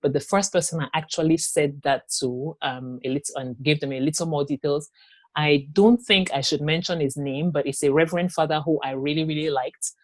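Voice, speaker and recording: A woman giving a personal testimony in an interview, telling her story haltingly with pauses, restarts and quoted dialogue. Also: low voice, steady tone, no echo. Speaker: interview guest.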